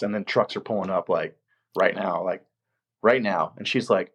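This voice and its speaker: A man with a slightly low voice tells stories from a film set in a relaxed interview. He acts out the people he quotes with lively jumps in pitch, then settles back into easy storytelling. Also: normal speed. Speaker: film location manager, guest.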